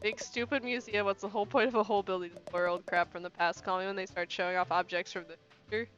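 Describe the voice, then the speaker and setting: A woman's voice: mid-range voice, steady tone, quick pace, fairly bright tone, lo-fi sound, faint music behind. A young woman casually streaming a first playthrough of a game, reading the characters' lines aloud with playful voices and joking asides.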